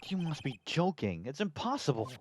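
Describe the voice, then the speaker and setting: Excitable man swearing over a game. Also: a little high, a little fast, slight background noise. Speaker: co-player on a game stream. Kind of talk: casual stream chat.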